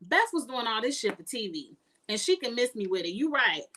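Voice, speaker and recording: A woman's voice: fairly high pitch, sing-song, brisk, sharp tone, a little hiss or hum. A woman giving outspoken, emphatic casual commentary as a reality TV reviewer.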